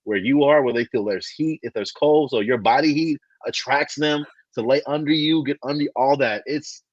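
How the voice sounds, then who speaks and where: A comedian from Texas, chatting as a guest in a playful, exaggerated way. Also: male voice, mid-range voice, moderate pace, no room sound, highs cut off. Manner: playful, exaggerated, repeats words. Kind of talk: casual chat.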